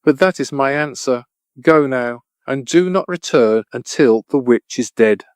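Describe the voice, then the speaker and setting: A man voicing a giant floating wizard's head that speaks slowly and commandingly. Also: medium pitch, lively intonation, clean tone, no room sound, close to an everyday voice. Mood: quiet.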